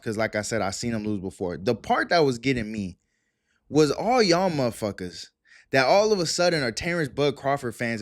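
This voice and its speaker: A man's voice: medium pitch, dry recording. A man in his twenties hosts his own sports talk show and rants in a loose, profane, heated way. His voice sits in a middle range and sounds dry and close, with no room around it. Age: 20s. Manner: profane, fired-up, animated ranting. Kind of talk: casual sports rant.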